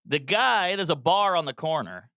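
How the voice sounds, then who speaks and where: Bright, animated man telling a story. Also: on the high side, moderate pace, no echo, clean studio sound. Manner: animated, bursts into loud yelps and put-on voices. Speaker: comedian guest. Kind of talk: comic storytelling on a podcast.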